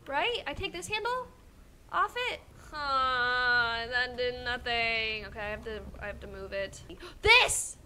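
A woman streaming a horror game, chatting excitably and giggling with her viewers. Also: fairly high pitch, measured pace, clear, resonant tone. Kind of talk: casual gameplay commentary.

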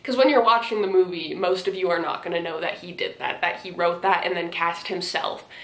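A woman's voice: lowish voice, brisk, fairly bright tone. A woman giving casual, sarcastic reaction commentary, laughing and swearing as she reads passages aloud. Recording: echoey room.

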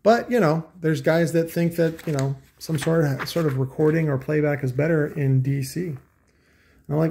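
Middle-aged man, gravelly and dark, crude sarcastic vlogger, faint background hiss. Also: a little high, normal speed. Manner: crude, sarcastic, mocking, with scoffing asides. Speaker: vlogger reviewing audio magazine. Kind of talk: casual profane rambling commentary.

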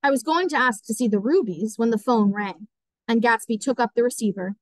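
Woman teacher narrating an audiobook; steady, clear, higher voice, dry close sound. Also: a little fast, no room sound, low-quality recording.

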